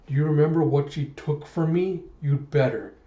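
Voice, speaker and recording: Man playing a brooding vengeful cyborg, dark tone, echoey room. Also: a little high, moderate pace, dull audio, lightly acted.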